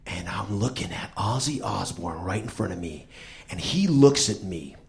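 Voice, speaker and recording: A man hosting a show, telling a comic story in a profane, animated way and acting out the people in it. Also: deep voice, moderate pace, creaky. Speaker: host. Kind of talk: comic spoken-word storytelling.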